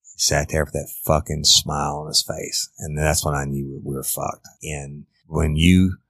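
A man's voice: extremely low pitch, little pitch movement, unhurried, gravelly, fairly bright tone, dry recording. A man, a former detective telling a story bluntly, with a lot of profanity. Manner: blunt and profane, matter-of-fact. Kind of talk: storytelling in an interview.

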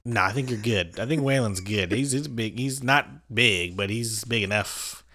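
Laid-back low-voiced man telling a story. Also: moderate pace, bright, forceful tone. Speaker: podcast co-host. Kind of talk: casual chat.

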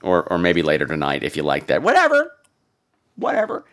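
A man's voice: a bass voice, steady tone, fast talker, a bit bright. A man in his thirties hosting a podcast, telling a campy comic story with lots of mock voices. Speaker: podcast host. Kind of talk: comic monologue.

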